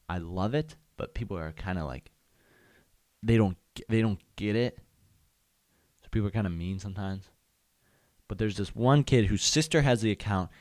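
A young man hosts his own show in a loose, comedic ramble, getting hyped and dodging swear words with goofy stand-ins. His voice sits on the low side. The recording is close and dry, with no room sound. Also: a little mellow, dry recording. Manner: hyped, rambling, self-censoring with silly substitutes. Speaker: podcast host. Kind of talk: casual comedic monologue.

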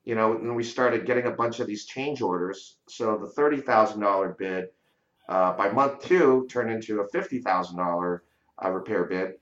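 A man with a somewhat low voice recounts his experiences in a relaxed, conversational way, often checking in with "right?". The recording is dull and lo-fi, with noticeable room echo around him. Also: moderate pace. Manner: conversational, frequent "you know" and "right?". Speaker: real estate investor guest. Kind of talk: casual storytelling interview. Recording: dull lo-fi audio in a roomy space.

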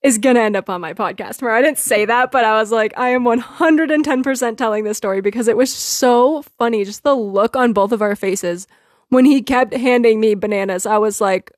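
A woman's voice: a little high, brisk, no echo. Chatty woman podcaster, dry close sound. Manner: animated, laughing often, quotes herself and others. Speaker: podcast host. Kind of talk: casual storytelling monologue.

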